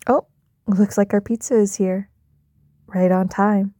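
A young adult woman performing an intimate audio role-play in a teasing, dominant, soft-spoken way with whispered asides. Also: medium pitch, fairly even intonation, unhurried, noisy background.

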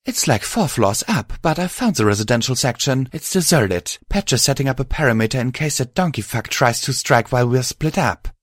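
A man's voice: medium pitch, animated, brisk, few pauses, dry recording, clean studio sound, voice pushed up, lightly acted. A man voicing a brash female pegasus mare, crude and flirty, with a teasing, blunt delivery. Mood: reporting.

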